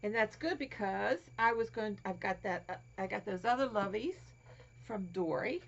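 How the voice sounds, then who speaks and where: In a laid-back show-and-tell video, this Florida woman presents her crafts, fussing sweetly over tiny toys and frequently slipping into a whisper. She talks at a moderate pace in a creaky mid-range voice, captured on a dull, faintly hissing lo-fi home setup.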